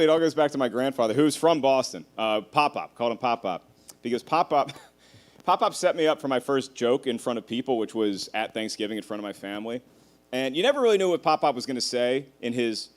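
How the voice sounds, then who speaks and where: A man performing a stand-up comedy set, telling animated stories, swearing and laughing at his own jokes. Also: medium pitch.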